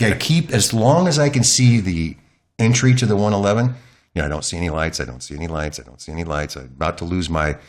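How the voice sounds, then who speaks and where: A man's voice: deep voice, quick pace. A man, a longtime news anchor, animatedly telling a chatty anecdote as an interview guest at home. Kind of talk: candid interview storytelling. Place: his home.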